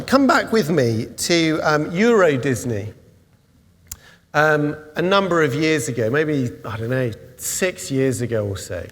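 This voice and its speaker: Male preacher, animated storyteller, high-pitched, with a long reverb from the church. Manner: animated storytelling, rising to excited peaks. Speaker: pastor. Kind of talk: sermon.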